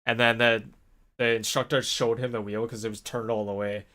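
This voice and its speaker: A man vlogging in a casual, rambling storytelling way, animated when he quotes people. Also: medium pitch, fairly quick. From North America. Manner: rambling, animated when quoting others, laughs often.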